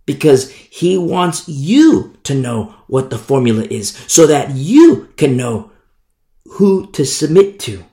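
A man's voice: a little high, very animated, slow pace, mellow, reverberant. A man preaching a sermon as a pastor, emphatic and repetitive, sometimes mocking the voices of hypocrites.

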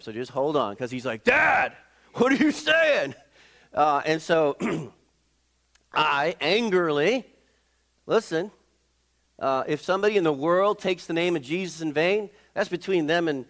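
A middle-aged male pastor preaching in a conversational, halting way, with many fillers and restarts. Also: on the high side, fairly bright tone. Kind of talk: sermon.

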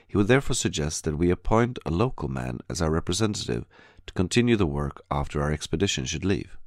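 A man reading a diary audiobook aloud in a measured, steady scripted narration. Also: deep voice, no echo, clean studio sound.

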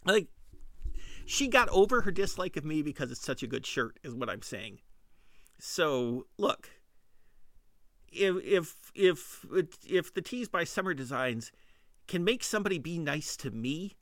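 A man's voice: fairly high pitch, sing-song, a little slow, fairly bright tone, dry recording, studio quality. A middle-aged man hosting a podcast, telling a casual comedic story in a rambling, self-deprecating way with frequent restarts. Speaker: podcast host.

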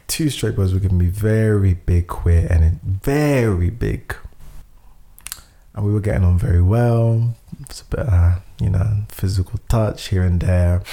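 Young man, podcast co-host: low, gravelly, lively and sweary storyteller. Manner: lively, laughs often, swears freely. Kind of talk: casual storytelling chat.

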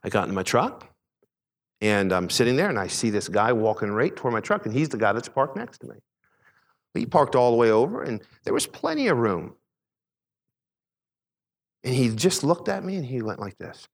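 Conversational middle-aged male preacher. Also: big-room sound. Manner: conversational preaching, animated retelling with quick pitch swings. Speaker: pastor. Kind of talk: sermon with a personal story.

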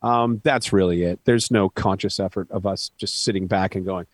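Joking low-voiced man telling stories. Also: steady tone, moderate pace, dry recording. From Canada. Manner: joking, self-deprecating storyteller. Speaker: band vocalist, guest. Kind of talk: casual interview chat.

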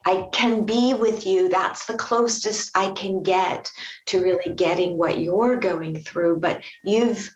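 Gentle woman host, earnest, distant from the mic, dull roomy sound. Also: mid-range voice, slow. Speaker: podcast host. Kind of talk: empathetic interview conversation.

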